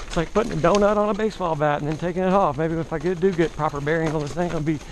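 A rambling, self-mocking travel vlogger with a mild Southern US twang, talking to camera while pedaling a bike outdoors. His voice sits a little higher than most men's. A faint hiss of noise runs underneath. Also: steady tone, rapid-fire. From Southern United States. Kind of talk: casual chat to camera. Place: outdoors, riding a bicycle.

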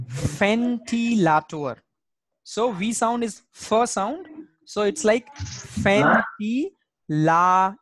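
Over a video call, a language teacher with a medium-pitched voice runs an online class, speaking slowly and without hurry. Each word is patiently repeated aloud in drilling fashion, and the sound is dry and close with almost no room echo.

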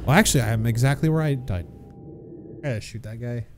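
A man's voice: mid-range voice, a little fast, darkish tone, a little hiss or hum. A man giving casual, jokey commentary over his gameplay, laughing at his own quips. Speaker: gamer.

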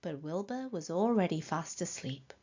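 A woman reading a children's story aloud in a slow, gentle, expressive way. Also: fairly low pitch, husky, highs cut off.

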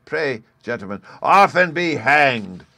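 A man's voice: lowish voice, brisk, no echo, close to an everyday voice. A man doing a sneering cruel brother. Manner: sneering, rough.

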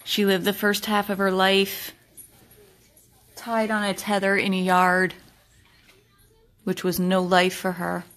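A woman's voice: mid-range voice, monotone, slow, long pauses, fairly bright tone. A woman, a dog rescue volunteer, earnestly pleading with viewers in a home video.

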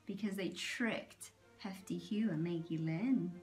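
A woman reading a picture book aloud to children, animated, doing animal noises and pointing out the pictures. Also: lowish voice, a little slow, faint music behind. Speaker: storyteller.

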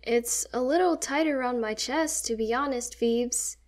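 A woman's voice: medium pitch, unhurried, lightly acted. A woman voicing an anxious, self-conscious young person speaking hesitantly in a read-aloud story. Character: anxious young person, boy turned girl.

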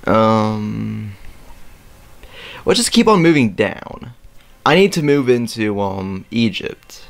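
A young man hosting a let's play, rambling casually with lots of fillers and throat clearing as he plays a strategy game. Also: on the low side, very animated, takes it slowly. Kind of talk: casual gameplay commentary. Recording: faint game music behind.

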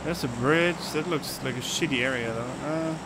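A man's voice: medium pitch, normal speed, heavy background noise. A man giving casual gameplay commentary, swearing and muttering to himself as he plays. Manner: casual, swearing, laughing outbursts. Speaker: gamer.

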